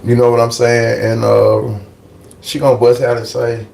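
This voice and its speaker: A man telling a personal story casually on a live stream, animated and profane, repeating phrases for emphasis. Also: mid-range voice, normal speed, gravelly, roomy sound, far from the mic.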